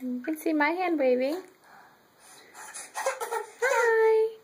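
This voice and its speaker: Giggly high-voiced woman doing baby talk. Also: animated, normal speed, heavy background noise. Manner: coaxing, giggly, sing-song. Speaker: parent filming her baby. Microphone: phone.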